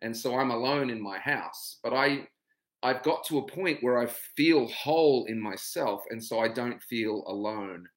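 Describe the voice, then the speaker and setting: With a medium pitch and a measured pace, a middle-aged man with an Australian accent hosts an easygoing livestream from home. He greets viewers by name, chats, and then reflects openly on his personal experiences.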